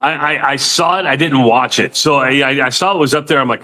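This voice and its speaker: A man's voice: medium pitch, fairly quick, sharp tone. A man hosting a sports radio show, talking casually and with strong opinions, often repeating a word as he starts a thought. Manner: opinionated, loose, repeats words when starting.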